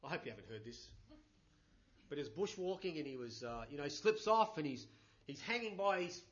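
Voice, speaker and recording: Aussie pastor preaching, high bright voice, chatty with emphatic bursts, dull lo-fi recording. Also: male voice, lively intonation, a little fast. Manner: conversational, many 'you know' fillers, rising emphatic bursts. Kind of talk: sermon.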